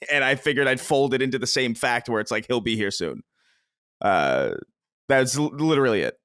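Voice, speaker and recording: A man co-hosting a podcast, chatting casually with a lively, swooping pitch. He rambles, laughs at himself and restarts his sentences. The sound is dry and close to the mic. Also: moderate pace, smooth, dry recording. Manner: rambling, self-deprecating, laughs often. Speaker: podcast co-host. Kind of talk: casual chat.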